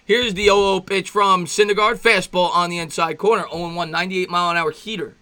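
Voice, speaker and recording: A man calling a baseball game play by play as a fan host, chatty and rambling, breaking off between pitches to greet viewers and reminisce, his voice jumping up when excited. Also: fairly quick. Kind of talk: amateur play-by-play commentary with reaction.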